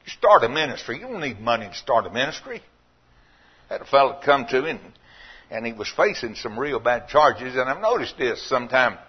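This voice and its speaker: A man preaching a sermon, telling folksy stories and rising to loud, emphatic points. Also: medium pitch, sing-song, brisk, slightly rough, dull audio.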